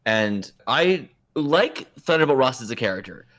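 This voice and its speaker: A man's voice: mid-range voice, very animated, unhurried, fairly bright tone. A man co-hosting a podcast, chatting casually and rambling through his opinions, often correcting himself mid-sentence. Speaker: podcast co-host. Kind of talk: casual chat.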